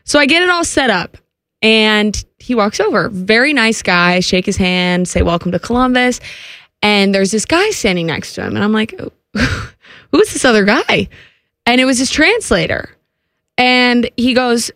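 Woman, sports reporter, animated storyteller, fairly high voice, dry studio sound. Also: moderate pace, dry recording. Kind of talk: casual radio chat, storytelling.

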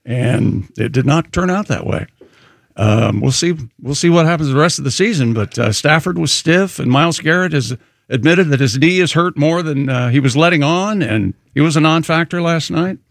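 A man's voice: a little high, lively intonation, moderate pace, creaky, dry recording. Joking radio co-host man, dry studio sound. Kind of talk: casual morning radio banter.

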